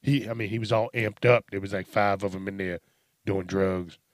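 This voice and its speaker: A man playing a slow-witted, mumbling fellow who rambles haltingly about being punched by Batman, in a comedy sketch. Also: fairly low pitch, fairly even intonation, no echo, close to an everyday voice. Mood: aggrieved.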